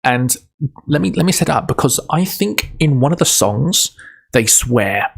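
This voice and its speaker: A man's voice: medium pitch, lively intonation, unhurried, creaky, husky. A man on a casual livestream who rambles, interrupts himself and laughs easily, then reads a book aloud.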